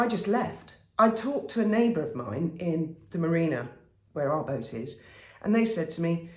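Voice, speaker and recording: A woman vlogger telling stories to camera in a casual way, animated and wry, often exasperated. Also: lowish voice, echoey room. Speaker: vlogger and commentator.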